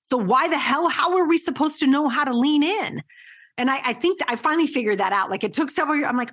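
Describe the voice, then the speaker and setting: A woman guest on an interview podcast, talking in an animated, emphatic way with casual swearing. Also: sits high, fast.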